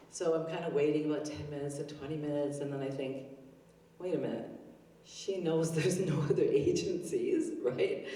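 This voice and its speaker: A warm, deep-voiced older woman performs stand-up at an open mic, telling self-deprecating, chatty stories with many fillers. She's on an arts center stage before a live audience, recorded from a distance in a roomy hall.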